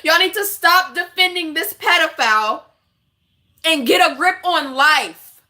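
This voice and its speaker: High, bright-voiced woman ranting hard. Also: expressive, a little slow. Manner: impassioned, blunt, profane. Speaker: vlogger. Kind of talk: casual vlog rant to camera.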